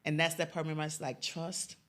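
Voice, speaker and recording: A woman's voice: low voice, level tone, a little fast, fairly bright tone. A middle-aged woman from Chicago's West Side, a youth mentor, telling a personal story of faith and loss, dropping to a near whisper when moved. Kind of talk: emotional personal interview.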